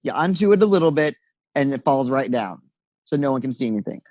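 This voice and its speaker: A young man chats on a podcast in an animated storytelling way. He acts out sassy retorts and swears casually. The sound is close and dry, with no room around it. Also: medium pitch, quick pace, dry recording, rough recording. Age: young adult. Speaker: podcast co-host. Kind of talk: casual chat.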